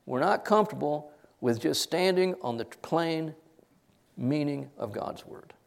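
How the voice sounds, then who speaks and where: A middle-aged man delivering a sermon in a somewhat high voice. He preaches emphatically, pushing his voice up for stress and letting it fall to near quiet. The tone is insistent and direct. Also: expressive, unhurried, gravelly. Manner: emphatic, rises and drops sharply for stress. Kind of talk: expository sermon.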